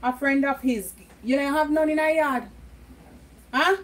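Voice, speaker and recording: A woman's voice: high voice, steady tone, measured pace, poor audio. A middle-aged Jamaican woman vlogging casually at home, chatty, laughing often and slipping into patois. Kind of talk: casual home vlog chat.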